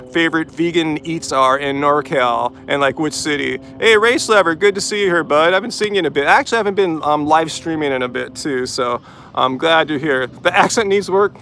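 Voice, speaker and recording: Man, gravelly voice, relaxed chatty live-stream host, filler-heavy talk, slightly higher pitch. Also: normal speed, slight background noise. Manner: easygoing, chatty, heavy use of "like" and "um". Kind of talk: casual live-chat Q&A.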